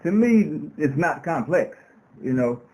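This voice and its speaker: A man's voice: on the high side, expressive, slow pace, mellow, low-quality recording. A man speaking as an interview guest on a radio show, talking in an impassioned, preacher-like way. He repeats words for emphasis and builds long runs of rhetorical questions. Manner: repetitive, emphatic phrasing.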